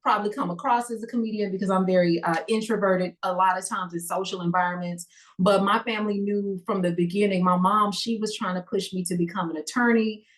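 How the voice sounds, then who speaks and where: A woman's voice: medium pitch, steady tone, a little fast, poor audio. A woman guest on an interview show, talking in a confident, talkative way with playful boasting. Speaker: guest content creator. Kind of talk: casual interview chat.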